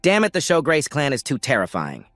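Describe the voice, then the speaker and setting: A man's voice: mid-range voice, wildly swooping pitch, brisk, fairly bright tone, no echo, studio quality, voice pushed up. A man voicing an arrogant, scheming young male noble student who talks in a mocking, angry way, in a storybook recap.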